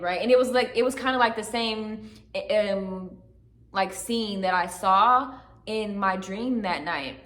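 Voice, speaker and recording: A woman's voice: medium pitch, fairly bright tone. A woman speaks earnestly to her camera, recounting a personal spiritual turning point. She keeps checking in with "right?" and "like" as she goes. Her mid-range voice rings with a noticeable room echo. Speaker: channel host giving testimony. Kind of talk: emotional personal testimony to camera. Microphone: camera facing her. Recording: echoey room.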